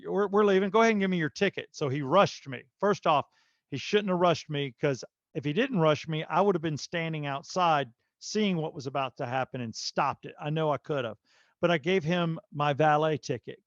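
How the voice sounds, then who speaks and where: Male podcast host, slightly high voice, animated storyteller with lots of fillers, dry and slightly muffled audio. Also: moderate pace, dry recording. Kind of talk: casual podcast chat.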